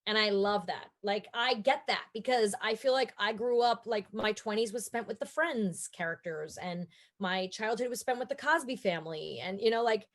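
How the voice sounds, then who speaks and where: A woman in her forties with an American accent, a guest actor in a casual interview, chatting and telling stories with lively quoted asides. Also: moderate pace. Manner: chatty storyteller, acts out quotes in higher voices.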